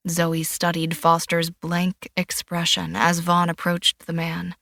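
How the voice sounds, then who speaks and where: A woman with a low voice narrates a thriller audiobook, steady and measured. The recording is close and dry, with no room sound around her. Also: no room sound. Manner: even, measured storytelling.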